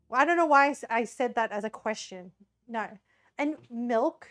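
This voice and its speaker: An Australian woman streams herself cooking in her home kitchen, chatting casually in a giggly, scattered way. Her voice sits fairly high and moves at a normal speed.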